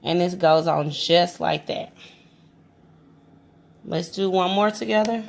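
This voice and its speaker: A woman's voice: lowish voice, slow pace, creaky, a little hiss or hum. A woman vlogger talking viewers through a home cooking tutorial in a chatty way, calling them guys and stammering now and then.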